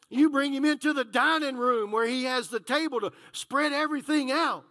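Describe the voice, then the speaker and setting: A man pastor preaching a sermon, telling a story and acting out the dialogue with animated delivery. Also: extremely high pitch, normal speed, few pauses.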